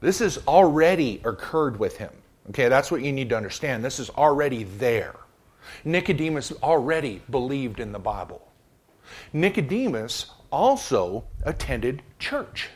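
A man's voice: mid-range voice, very animated, moderate pace, husky. A man preaching a casual Bible lesson, reading verses and adding humorous, conversational asides. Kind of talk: joking Bible teaching.

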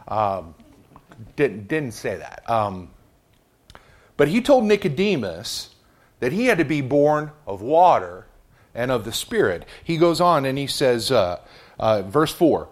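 A man's voice: mid-range voice, expressive, moderate pace. A man preaching a casual Bible lesson, reading verses and adding humorous, conversational asides. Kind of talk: joking Bible teaching.

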